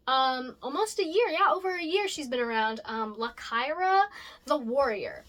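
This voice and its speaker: A young woman chatting casually about her original characters, rambling with lots of fillers and self-corrections and lively jumps in pitch. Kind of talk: casual chat.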